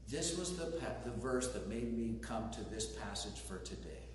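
A man preaching a sermon in a relaxed, conversational way, slipping in light jokes. His voice rings out in a long, booming reverb from a big hall. He sits well back from the microphone, with a faint hiss under the sound. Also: moderate pace. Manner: conversational, with joking asides. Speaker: pastor. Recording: very echoey hall, distant mic, faint noise.

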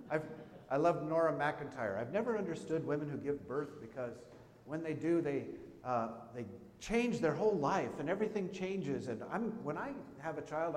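Storytelling pastor in an echoey church. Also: male voice, a little high, a little mellow, a little hiss or hum. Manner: storytelling, conversational, asks the congregation questions. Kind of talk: sermon. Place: church sanctuary. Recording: echoey church hall with a long reverb.

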